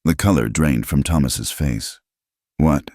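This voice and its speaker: A man's voice: a bass voice, animated, unhurried, a little mellow, no echo, clean studio sound. A man giving scripted, dramatic narration of a Western story.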